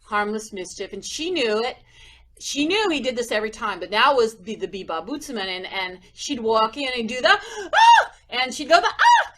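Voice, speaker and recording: A woman's voice: fairly high pitch, brisk. A woman co-hosting a music education podcast, chatting casually and acting out whispers and gasps as she tells teaching stories. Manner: animated, acts out whispers and gasps. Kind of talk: casual chat.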